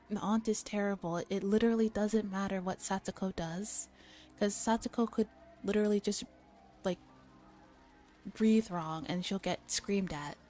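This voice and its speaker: A young woman streamer chatting casually and softly between readings, rambling with lots of fillers and casual swearing. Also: medium pitch, steady tone, a little slow, long pauses, faint music behind. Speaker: streamer reading a novel aloud. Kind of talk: casual soft-spoken commentary.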